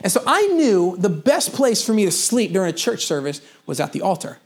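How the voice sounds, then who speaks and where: A man's voice: high-pitched, big pitch swings, brisk. A young adult man preaching a sermon in a casual storytelling manner, with humorous asides and personal confessions. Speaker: pastor.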